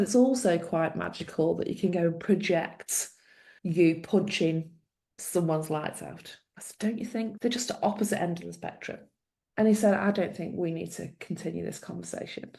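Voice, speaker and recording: A middle-aged woman tells a story with a gravelly, mellow voice. She slips into the people she quotes as she goes. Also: medium pitch. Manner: animated storyteller, acts out quoted dialogue. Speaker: guest, former social worker. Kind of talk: storytelling in a conversation.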